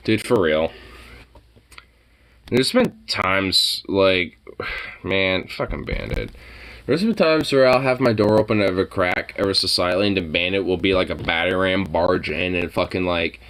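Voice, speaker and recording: A man's voice: low voice, very animated, measured pace, a bit bright. Rambling, foul-mouthed man on a stream. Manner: rambling, profane, many filler words. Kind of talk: casual stream chat.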